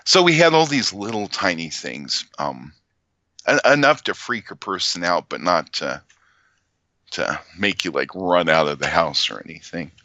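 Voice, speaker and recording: A low-voiced man with a forceful, bright edge tells a personal story as a podcast guest. He talks haltingly, restarting phrases and letting out small nervous laughs. The sound is dry and close, with no room around it. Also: expressive, dry recording, highs cut off. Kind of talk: casual storytelling.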